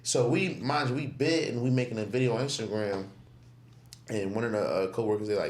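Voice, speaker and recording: Fairly low in pitch and fairly quick, this man in his 20s tells profane, casual stories on a podcast where he's a guest; he owns a clothing brand. He's animated, acting out what he said at the time, over slight background noise and a roomy echo.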